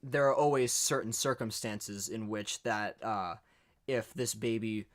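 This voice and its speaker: A man's voice: on the low side, fairly even intonation, unhurried. Young man rambling through a story. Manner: rambling storyteller, acts out quotes. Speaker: podcast co-host. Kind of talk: casual chat.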